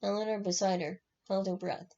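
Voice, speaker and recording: Gravelly-voiced woman reading a novel aloud. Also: medium pitch, flat delivery, normal speed, dark tone. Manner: frequent slips and self-corrections. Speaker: reader. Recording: dull lo-fi recording.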